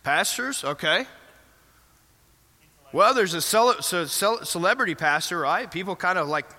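A man's voice: high-pitched, lively intonation, normal speed, bright, forceful tone. A man preaching an interactive sermon in a church, asking the congregation questions and affirming their answers. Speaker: pastor. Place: church sanctuary. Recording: reverberant church hall.

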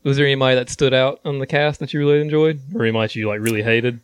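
A man's voice: mid-range voice, steady tone, rapid-fire, clean tone, no echo. A man with a Southern US accent hosting a casual podcast chat, joking a lot and asking plenty of questions. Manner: joking, asks lots of questions. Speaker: podcast host.

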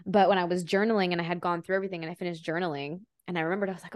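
A woman's voice: lowish voice, steady tone, rapid-fire, no echo, clean studio sound. A woman hosting a podcast interview, talking in a chatty, emotional way and often saying "like". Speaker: podcast host.

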